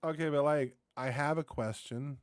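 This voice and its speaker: A man doing casual reaction commentary, rambling and excitable, swearing freely and tossing in dude and bro. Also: on the high side, moderate pace, over loud music. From United States. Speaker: reaction video host.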